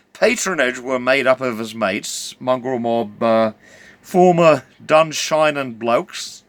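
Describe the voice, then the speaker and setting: A man's voice: on the high side, vocal fry, a bit bright, no echo. A middle-aged man telling a rambling comic yarn, stammering and full of hesitations. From New Zealand. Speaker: storyteller.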